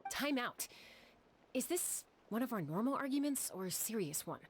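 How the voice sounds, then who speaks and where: An actress voicing a calm, stubborn young woman who answers in a dry, matter-of-fact way in a video game cutscene. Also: a little high, moderate pace, slight background noise.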